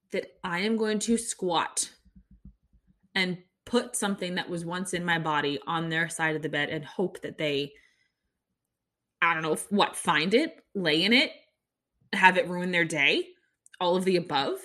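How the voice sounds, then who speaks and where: Young female podcast host, bright tone, chatty incredulous solo commentary. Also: on the low side. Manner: incredulous, rambling, many restarts and laughs.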